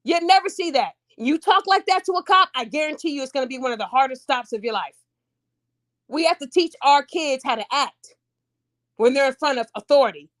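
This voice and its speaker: A podcast host with a high voice speaks briskly and animatedly to her audience. It's casual commentary, with voices acted out.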